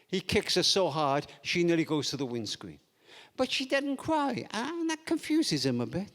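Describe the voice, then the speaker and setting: A man's voice: high voice, sing-song, measured pace, a bit bright. An older man giving a parenting talk, telling anecdotes with playful humour and acting out the people in them. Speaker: parenting speaker. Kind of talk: storytelling seminar talk. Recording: long reverb of a large hall.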